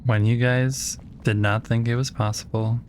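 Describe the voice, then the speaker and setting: A man's voice: mid-range voice, level tone, moderate pace, slight background noise. A man livestreaming a game, casually chatting with his viewers and teasingly talking to the creatures he meets.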